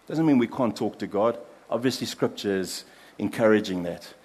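A man preaching a sermon as pastor, earnest, dropping soft for prayers and building emphasis in lists. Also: lowish voice, moderate pace, husky, in a large hall.

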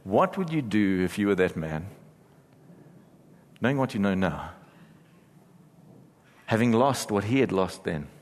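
A man with a fairly low voice preaches a sermon to his church, earnest and building in force. The sound carries a long reverb, the way a big church hall does. At times he drops to a hushed, prayerful tone. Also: big pitch swings, a little slow, long pauses. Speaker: pastor.

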